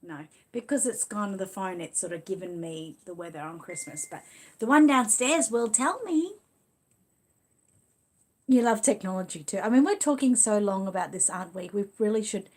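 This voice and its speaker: A talkative middle-aged woman with an Australian accent hosts a casual livestream. She rambles easily, cooing warmly over what viewers share, in a voice of ordinary middle pitch. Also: lively intonation, moderate pace. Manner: chatty, rambling, coos affectionately. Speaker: livestream host. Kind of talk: casual livestream chat reading comments.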